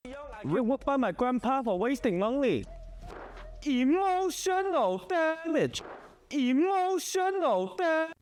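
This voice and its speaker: A man playing a strict, scolding dad, talking fast with a put-on accent. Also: extremely high pitch, sing-song, slight background noise, full character voice. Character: strict shouty Asian dad.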